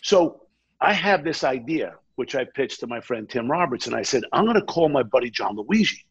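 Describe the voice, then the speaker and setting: Gravelly-voiced man telling a story. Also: medium pitch, moderate pace, lo-fi sound. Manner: animated anecdote-telling, acts out quoted dialogue. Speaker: interview guest. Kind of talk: casual storytelling.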